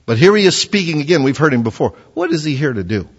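Preacher asking rhetorical questions. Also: male voice, fairly high pitch, fast, slightly rough. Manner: conversational, rhetorical questions, animated. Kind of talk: sermon. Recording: dull sound with long hall reverb.

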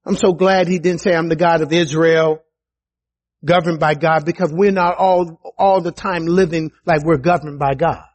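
A man preaching a sermon in a conversational way, with asides to his listeners and a voice that climbs high for emphasis. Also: moderate pace. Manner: animated, rises high for emphasis and quoted voices; conversational, with restarts and asides to the congregation.

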